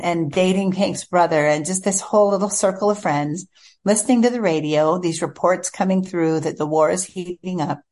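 A woman author tells a personal story in an interview, earnest and heartfelt. Her voice sits low for a woman. She talks in a chatty way, full of little fillers. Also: a little mellow. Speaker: author guest.

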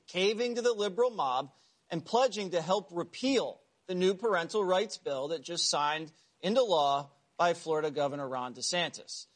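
A man hosting an opinionated TV news show with a sarcastic, punchy delivery. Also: high voice.

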